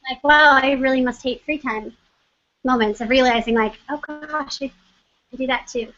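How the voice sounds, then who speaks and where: An actress guest chatting in a casual interview, bubbly and giggly. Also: female voice, high voice, normal speed, sharp tone, muffled recording, a little hiss or hum.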